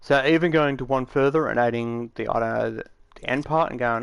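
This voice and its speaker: A man's voice: medium pitch, fast talker, vocal fry, hardly any pauses, clean tone, dry recording. A man giving a casual, rambling tutorial, matter-of-fact and full of fillers, recorded dry on a close mic. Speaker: game tutorial maker.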